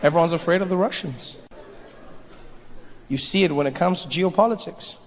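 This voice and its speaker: Male stand-up comedian, high voice, animated, playful, long hall reverb. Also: moderate pace. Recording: hall reverb, faint noise.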